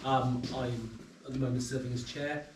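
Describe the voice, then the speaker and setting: A man's voice: mid-range voice, little pitch movement, moderate pace. A man chairing a club meeting in a pub room, introducing people informally and hesitantly with many ums. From England. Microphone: far camera. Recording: roomy, distant, faint room noise.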